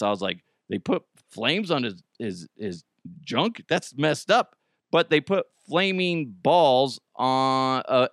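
A man's voice: mid-range voice, dry recording, studio quality. A man hosting a podcast in casual comic chat, joking and slipping into silly put-on voices. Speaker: podcast host.

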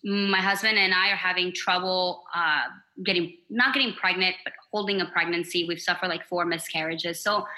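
A woman's voice: on the low side, sharp tone, rough recording. A young woman as a podcast guest, speaking candidly and from the heart, with many fillers. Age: young adult. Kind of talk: casual podcast chat.

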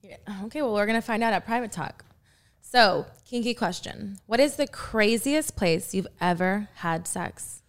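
A woman hosting a casual interview show, teasing her guest in a low, sultry, playful way. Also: moderate pace, clean tone. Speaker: podcast host.

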